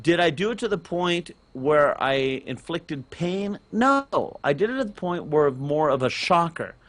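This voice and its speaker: A middle-aged man, telling a long personal story on a casual gaming podcast, rambling with restarts and getting loud on key points. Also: fairly high pitch, unhurried. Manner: animated, rambling with restarts, rises loud on emphasis. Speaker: podcast co-host and parent.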